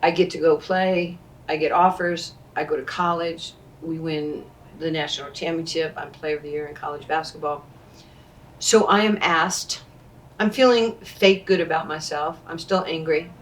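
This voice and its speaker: A woman, telling animated stories and acting out what people said. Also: low-pitched, normal speed, recorded from a distance. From Queens, New York. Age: 60s. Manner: animated storyteller who acts out quoted dialogue. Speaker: interview guest, former basketball player. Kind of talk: storytelling in conversation.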